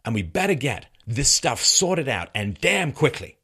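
A man's voice: measured pace, breathy edge. A middle-aged man giving a sardonic monologue commentary that mocks what he criticizes, with bursts of laughter. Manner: sardonic, mocking, with lively swings in pitch and bursts of laughter.

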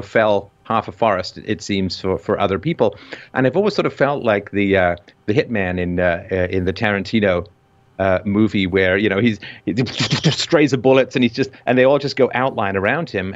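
A man's voice: fairly low pitch, highs cut off. A man with a vaguely British colonial accent, hosting an intense discussion and rising sharply when stressing a point. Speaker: podcast host.

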